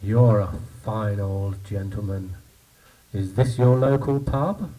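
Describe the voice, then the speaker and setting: A man's voice: fairly low pitch, takes it slowly, mellow, distant mic, rough recording. A man voicing an eager, hearty visitor to a village pub who talks in a jovial, coaxing way.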